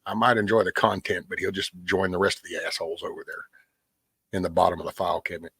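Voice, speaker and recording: A middle-aged man hosts his own live stream, rambling along and greeting viewers by name. His voice is husky and sits low, and the sound is close and dry with no room echo. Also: little pitch movement, quick pace, a bit bright. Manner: rambling, talks to chat by name. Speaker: livestream host. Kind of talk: casual live-stream chat.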